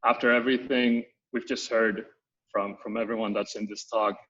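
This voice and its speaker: Host, man, low and flat delivery, hesitant repeats, dull lo-fi sound. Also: moderate pace. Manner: hesitant, many repeats, passes questions to guests. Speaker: panel host. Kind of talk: casual panel talk.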